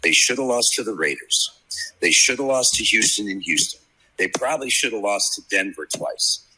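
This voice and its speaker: Brief: profane fifties sports bettor, bright forceful voice with husky grit, rambling yarns. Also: male voice, on the low side, lively intonation, normal speed, poor audio. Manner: brash, profane, rambling storyteller. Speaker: sports handicapper guest. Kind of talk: casual podcast chat, storytelling. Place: media row at a sports event.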